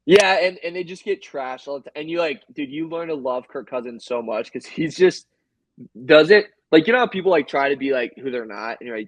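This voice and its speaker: A man's voice: on the high side, lively intonation, fairly quick, no echo, low-quality recording. A man co-hosting a sports podcast, telling rambling, joking stories in casual chat. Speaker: podcast co-host.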